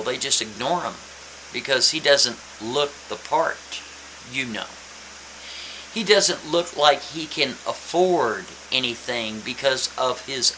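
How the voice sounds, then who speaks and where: A man telling a story in a casual, animated, emphatic way, repeating his points. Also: mid-range voice, rough recording. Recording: faint hiss.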